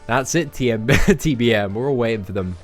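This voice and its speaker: Animated young English man chatting on stream. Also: mid-range voice, brisk, soft background music. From England. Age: young adult. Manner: chatty and animated, answering chat questions. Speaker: game streamer reading chat. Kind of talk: casual livestream chat.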